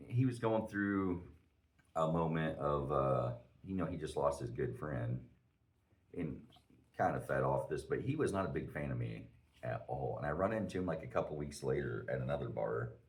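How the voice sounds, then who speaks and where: A man's voice: a bass voice, lively intonation, normal speed, far from the mic. A man in his forties, a podcast host, telling a profane, self-mocking story in casual chat.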